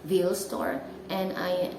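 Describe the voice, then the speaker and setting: A woman's voice: on the low side, completely flat delivery, slow, reverberant, heavy background noise. A woman from Indonesia with an Indonesian accent, teaching English pronunciation in a casual way and spelling words out carefully.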